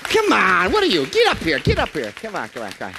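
A man in his fifties preaching a lively, joking sermon to a congregation in a church. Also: high voice, fast talker, creaky, crowd noise, noisy background. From Canada. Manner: animated, joking, playful put-on voices.

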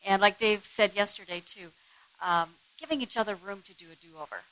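Woman talking marriage with her husband, bright voice, earnest and open. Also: medium pitch, a little fast, poor audio. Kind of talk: talk on marriage.

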